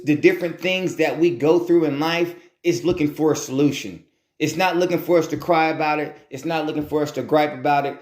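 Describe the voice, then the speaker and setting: Earnest motivational speaker, echoey room. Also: male voice, a little high. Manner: earnest, repeats phrases and restarts, rhetorical questions. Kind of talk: motivational talk.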